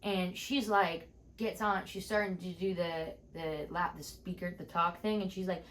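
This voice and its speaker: A woman comedian telling a story in a podcast chat, animated, acting out each exchange as she goes. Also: on the low side, moderate pace. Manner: animated, acts out every exchange with "I'm like".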